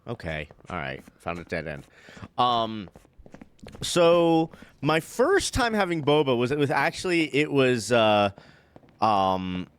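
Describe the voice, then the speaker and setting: A man's voice: medium pitch, a bit bright. A young man rambling through casual stories while streaming a game, laughing often, with many fillers. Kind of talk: casual let's-play chat.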